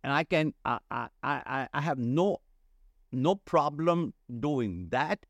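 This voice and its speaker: A man's voice: on the high side, lively intonation, slow, no room sound, highs cut off. A middle-aged man, a church leadership consultant, talking earnestly in a podcast interview and repeating phrases for emphasis.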